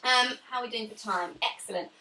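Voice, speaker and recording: A woman leading a home pilates class, talking through stretches and breathing cues in a calm, chatty way. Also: a little high, fairly quick, distant mic. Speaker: pilates instructor. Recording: echoey room, away from the mic.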